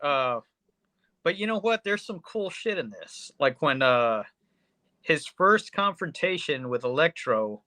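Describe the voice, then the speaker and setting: Male podcast co-host, excitable and foul-mouthed, slightly high, bright voice. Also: unhurried, dry recording. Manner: excitable, swears a lot, trails off with fillers. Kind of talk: casual profane movie review chat.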